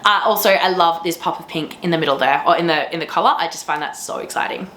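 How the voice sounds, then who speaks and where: A woman's voice: on the low side, fast, a bit bright, roomy sound, slight background noise. Gushing woman knitting host. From Australia. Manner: gushing, enthusiastic, laughs often. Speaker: teacher. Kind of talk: casual chat to camera.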